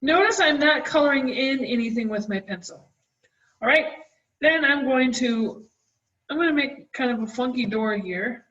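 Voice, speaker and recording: A woman art teacher talking children through a drawing, gentle and encouraging as she draws. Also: sits high, moderate pace, distant mic. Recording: dull, roomy, from the mic.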